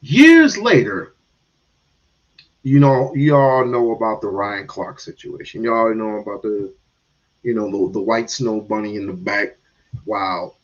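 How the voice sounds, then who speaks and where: A man hosting a show, ranting about sports and culture in a sarcastic, mocking way. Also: fairly low pitch. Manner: animated, sarcastic, mocking asides. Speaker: podcast host. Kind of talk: opinionated sports commentary rant. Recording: dull lo-fi stream audio.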